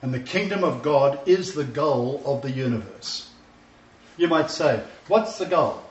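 A man's voice: medium pitch, unhurried, darkish tone. A man preaching a sermon lecture, emphatic and repeating his key phrases. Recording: distant, roomy, dull sound.

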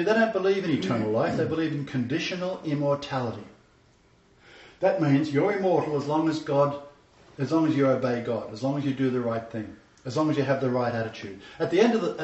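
A man's voice: medium pitch, brisk, a little mellow. A man preaching a sermon, emphatic and repeating his scripture references as he speaks. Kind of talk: sermon with congregation interjections. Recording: echoey room, dull sound from far off.

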